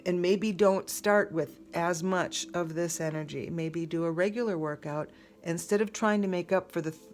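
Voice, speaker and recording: Low-voiced woman giving a casual tarot reading. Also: darkish tone. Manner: rambling, conversational, frequent fillers and restarts. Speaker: tarot reader.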